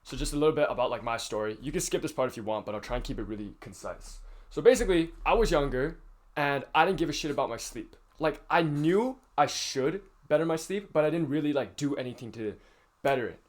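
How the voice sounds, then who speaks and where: A man's voice: a little high, lively intonation, quick pace. Teenage guy giving rambling sleep advice. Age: teens. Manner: rambling, filler-heavy, frank with casual swearing. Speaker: youtuber. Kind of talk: casual advice vlog.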